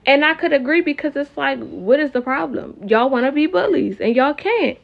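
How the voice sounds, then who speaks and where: A woman recaps a reality show in casual talk, animated and opinionated as she speaks straight to her viewers. Her voice sits fairly high. The recording sounds dull and lo-fi. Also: moderate pace, creaky.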